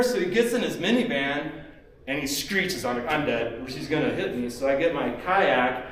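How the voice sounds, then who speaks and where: A man's voice: fairly high pitch, expressive, moderate pace. A man speaking at a seminar, telling a story casually and rambling, with many "you know"s and acted-out quotes. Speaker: seminar speaker, tournament kayak angler. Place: expo seminar hall. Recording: echoey hall, mic far off.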